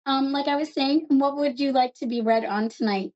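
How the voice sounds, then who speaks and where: A woman from New York with a New York accent, hosting a call-in psychic reading in a fast, chatty, affectionate way. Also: sits high, darkish tone, highs cut off. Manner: fast, chatty and affectionate, calls callers love. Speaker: psychic reader host.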